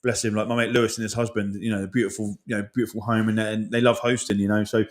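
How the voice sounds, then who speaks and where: A man's voice: on the low side, level tone, fast. A man in his forties, an army veteran, talking openly and emotionally in a casual podcast chat, swearing often and rambling. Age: 40s.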